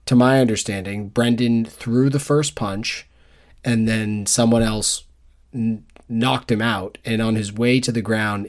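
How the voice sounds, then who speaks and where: A man in his forties co-hosting a casual book club podcast, telling rambling stories and laughing at his own anecdotes. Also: mid-range voice. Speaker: podcast co-host.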